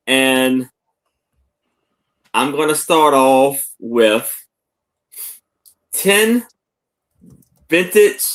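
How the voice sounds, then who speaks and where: Unhurried man selling live. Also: mid-range voice, fairly bright tone. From Maryland, US. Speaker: guest reseller. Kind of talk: live sale chat.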